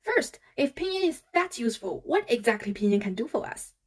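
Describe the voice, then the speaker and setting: Higher-voiced woman teaching a language. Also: very animated, fairly quick, darkish tone, breathy edge. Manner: patient, demonstrates sounds aloud. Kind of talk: online language lesson.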